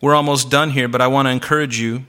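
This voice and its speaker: A man preaching a sermon, reading scripture and explaining it with emphatic, slowed stresses. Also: medium pitch, steady tone, clear, resonant tone. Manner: emphatic, varies loudness and slows for stress. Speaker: pastor.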